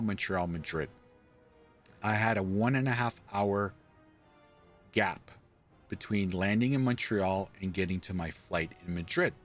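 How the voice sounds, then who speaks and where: A man from Canada, a streamer, telling a story in a casual, animated way, acting out quoted lines and swearing casually. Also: fairly low pitch. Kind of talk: casual storytelling while gaming.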